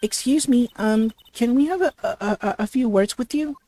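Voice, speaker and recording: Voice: mid-range voice, normal speed, warm tone, voice pushed up, natural voice. Flustered young male lawyer, stuttering game read, voiced by a let's player. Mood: polite. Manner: hesitant and flustered, with heavy stutters. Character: young male defense attorney, nervous. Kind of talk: reading game dialogue aloud.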